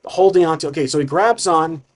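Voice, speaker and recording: A man's voice: fairly high pitch, fairly quick. A man narrating his solo tabletop game, thinking aloud with frequent restarts. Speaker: solo game master and player.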